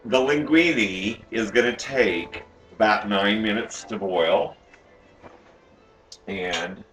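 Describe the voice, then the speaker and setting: A man plays a sassy, campy woman home cook hosting a comic cooking show from a home kitchen, teasing the audience as she cooks. His voice is lowish with a fairly bright tone, and the sound is roomy.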